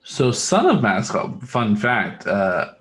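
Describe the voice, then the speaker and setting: A man's voice: mid-range voice, huge pitch swings, slow pace. A man co-hosting a podcast, telling long rambling stories in casual chat and swearing freely. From Texas. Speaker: podcast co-host.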